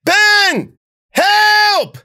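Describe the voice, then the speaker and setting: A woman's voice: extremely high pitch, lively intonation, extremely slow, pushed and bright, no room sound, studio quality, voice pushed up, exaggerated voice. A man voicing a tough young woman caught in killer vines, swearing and strained, in a storybook reading. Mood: screaming for help.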